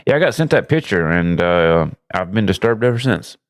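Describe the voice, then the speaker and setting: A man hosting a casual live stream, loudly greeting his chat with rambling, profane, self-mocking asides. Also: lively intonation, normal speed. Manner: greets chat loudly with big swooping pitch jumps. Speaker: livestream host.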